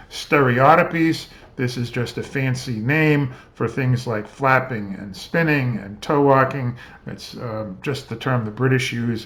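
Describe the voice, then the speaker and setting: A middle-aged man lecturing as a pediatrician, explaining in a measured, patient way with the occasional filler. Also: medium pitch, fairly bright tone. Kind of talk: educational lecture.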